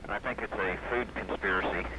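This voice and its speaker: A man's voice: lowish voice, steady tone, a little fast, background noise. A man calling in to a radio show, talking in an offhand, indifferent way over a fuzzy phone line. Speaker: caller. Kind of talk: phone call-in.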